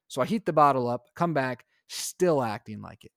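Co-hosting a laid-back podcast, this young father animatedly recounts a hectic day and performs his own lines. His voice is middle-pitched, brisk, and gravelly, captured close and dry without echo or room sound.

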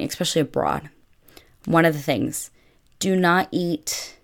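A woman's voice: low voice, clean tone. A young woman telling a travel story in a casual, chatty way, filling her speech with "like". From United States. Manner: chatty, filler-heavy, lots of "like". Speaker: vlogger.

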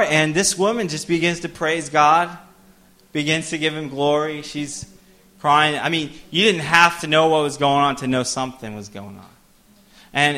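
A middle-aged male preacher telling a story in a sermon. His voice is bright and forceful at a middle pitch. He swings between animated bursts and soft, trailing asides. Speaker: pastor.

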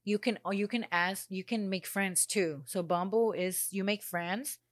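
A woman's voice: medium pitch, measured pace, dry recording, clean studio sound. A woman telling a personal story in a casual, blunt monologue, often swearing and acting out quoted dialogue.

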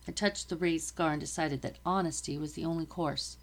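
A woman reads a novel aloud at a steady, measured pace. Her voice is low and carries a gravelly fry. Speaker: reader.

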